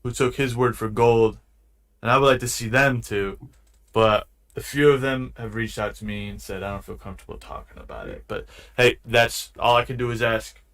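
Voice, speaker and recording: A man's voice: mid-range voice, steady tone, normal speed, a bit bright. A man interviewing someone online in blunt, casual, slangy talk.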